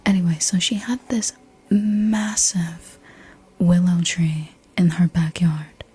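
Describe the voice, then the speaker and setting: A woman's voice: lowish voice, steady tone, slow, warm tone, husky. A young woman telling a personal story in a whispered ASMR voice, casual and rambling, with the odd swear word. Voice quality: unvoiced whisper. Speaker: ASMR creator.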